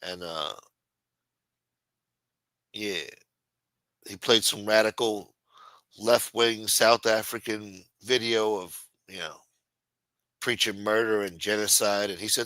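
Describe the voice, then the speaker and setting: A man's voice: lowish voice, fairly even intonation, takes it slowly, pauses often, sharp tone, no room sound. A man hosting a casual live stream, rambling and swearing, reading chat aloud and acting out quotes in a raised voice.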